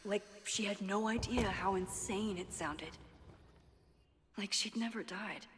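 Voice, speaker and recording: An actress playing a thoughtful, bewildered young woman in a video game, speaking softly and with wonder. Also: mid-range voice, measured pace, slight background noise, close to an everyday voice. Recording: game audio with long reverb and music. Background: game music.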